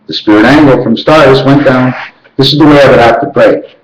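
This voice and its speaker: Rambling man in an echoey room. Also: fairly quick. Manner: rambling, rhythmic counting and chanting, sudden jumps in pitch. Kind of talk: rambling monologue.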